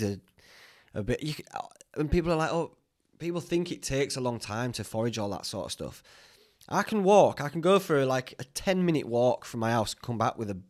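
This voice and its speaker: A young man with a Northern English accent hosting a podcast, rambling through stories in a casual, chatty way and swearing freely. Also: medium pitch. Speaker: podcast host.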